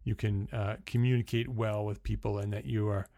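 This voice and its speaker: A man's voice: fairly low pitch, level tone, brisk, creaky, mellow, no room sound. New Jersey man giving casual tips. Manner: hesitant, many fillers and restarts. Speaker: host. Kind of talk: unscripted instructional talk. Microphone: studio microphone.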